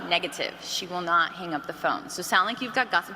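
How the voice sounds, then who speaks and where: A woman giving an energetic sales training talk to a room, coaxing the audience with questions. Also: lowish voice, brisk, loud music behind the voice. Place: large hall with an audience. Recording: archived talk in a roomy hall with faint noise.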